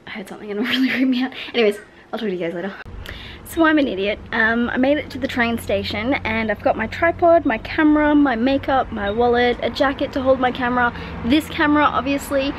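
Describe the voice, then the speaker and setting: A talkative woman vlogs into a handheld camera, rambling from one thought to the next and swearing freely. Her voice sits a little high, and steady ambient noise runs under the recording. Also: fast talker. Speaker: vlogger. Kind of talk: casual vlog chat. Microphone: handheld camera mic. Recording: noisy ambient background.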